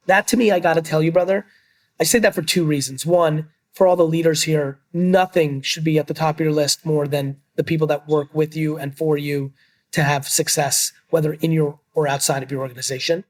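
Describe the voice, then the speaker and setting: A man's voice: on the high side, fairly even intonation, a little fast. A middle-aged man as a guest in a business interview, talking in an emphatic, blunt way and swearing casually. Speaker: guest, entrepreneur.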